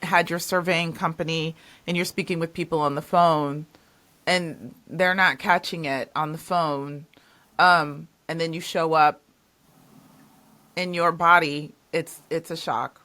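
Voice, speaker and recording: Low-voiced woman hosting. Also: fairly even intonation, measured pace, sharp tone. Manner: thoughtful, hesitant with fillers. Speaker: podcast host. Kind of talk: casual interview.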